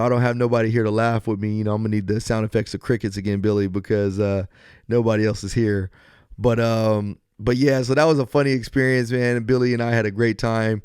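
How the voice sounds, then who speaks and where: A man hosts a podcast by himself, with a smooth, clear voice recorded close and dry. He moves from earnest encouragement to loose, joking storytelling. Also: mid-range voice, dry recording. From US West Coast. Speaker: podcast host. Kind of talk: solo podcast talk.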